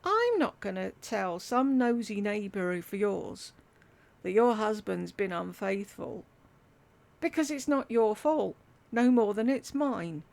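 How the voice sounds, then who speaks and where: Middle-aged woman, raspy edge, medium pitch, candid and wry storytelling. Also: big pitch swings, takes it slowly, darkish tone. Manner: candid, wry, swears casually. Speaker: YouTuber telling a life story. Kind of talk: casual personal storytelling. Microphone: desktop USB mic.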